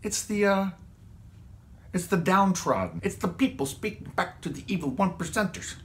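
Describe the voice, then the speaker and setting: A man's voice: sits high, lively intonation, moderate pace, fairly bright tone, slight background noise. A man, a songwriter and guitarist, walks through how he recorded his vocals in a casual, rambling way, dropping slang like "man" and "dude". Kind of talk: casual home-studio walkthrough.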